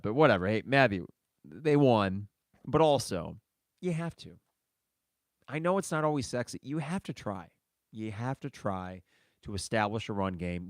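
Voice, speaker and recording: A man's voice: mid-range voice, dry recording, studio quality. A man hosting a casual solo sports podcast, reading listener mail and reacting in a chatty way. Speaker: podcast host.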